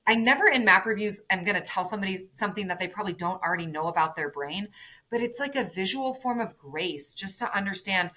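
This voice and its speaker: A woman guest in a podcast interview, explaining brain science in lively conversational talk, often checking in with "right?" and acting out quotes. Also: mid-range voice, fast. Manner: animated, explains with everyday analogies, says "right?" often. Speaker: neurofeedback clinic executive, guest.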